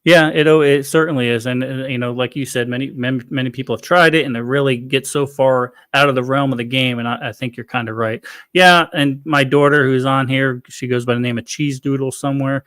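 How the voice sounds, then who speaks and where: A man's voice: medium pitch, steady tone, fairly quick, a bit bright, no room sound, studio quality. Easygoing man hosting a podcast. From Florida, USA. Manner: easygoing, rambling, laughs often. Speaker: podcast host. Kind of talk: casual chat.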